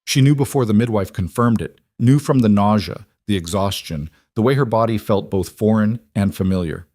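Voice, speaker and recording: A man reading a frontier love story aloud as a narrator, in a steady storytelling manner. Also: fairly low pitch, normal speed, no room sound, clean studio sound.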